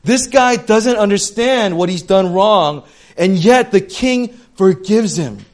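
Casual, animated young male preacher. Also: high voice, slow pace. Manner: conversational, animated, with casual slang and asides. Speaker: pastor. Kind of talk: sermon.

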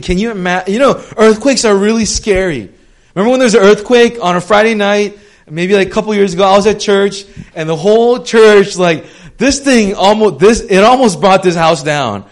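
A young man preaching a sermon in a conversational way, getting loud and animated when he retells a story, then dropping to a soft hush when he reflects. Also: high voice.

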